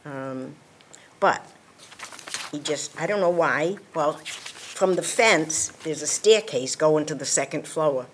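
An older woman with a very low voice gives sworn testimony at a hearing, and her account rambles like casual storytelling. A faint background hiss runs under her voice. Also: slow, pauses often. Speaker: witness.

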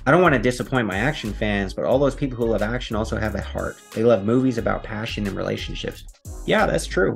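Laid-back low-voiced man reading and commenting. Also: creaky. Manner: laid-back, chatty asides between read passages. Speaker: video host. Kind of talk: reading a magazine article aloud with casual commentary.

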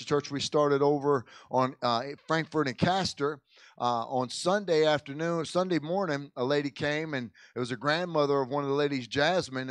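A pastor with a fairly high, slightly bright voice, captured without echo, chats casually with his congregation in the church sanctuary. As he talks and prays he keeps stumbling and restarting words in a folksy way, peppering in "man" and "amen."

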